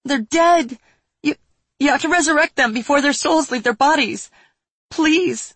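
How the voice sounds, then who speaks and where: A woman's voice: sits high, measured pace, a bit bright, no echo, voice pushed up. A woman reading a storybook voices a grief-stricken young woman who is crying and pleading, her voice cracking. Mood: panicked sobbing.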